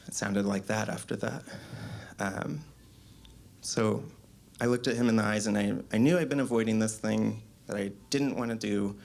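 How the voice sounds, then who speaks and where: Gravelly low-voiced man doing stand-up. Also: normal speed. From US South. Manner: confessional deadpan storytelling with sudden high-pitched quoted voices. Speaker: stand-up comedian. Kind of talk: stand-up comedy set. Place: small comedy club with a live audience.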